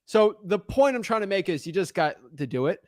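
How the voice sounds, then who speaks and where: A man's voice: high-pitched, sing-song, brisk, dry recording. Upbeat coaching man, dry close sound. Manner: direct, encouraging, keeps checking in with "right?". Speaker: real estate coach. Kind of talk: live call-in coaching.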